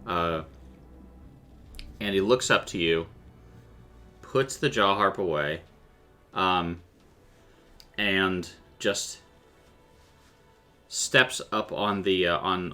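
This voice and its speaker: A man running a tabletop game for a live stream, talking to his players and the chat. His voice sits a little low yet sounds bright and forward, and he livens scenes with silly vocal sound effects. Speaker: game master.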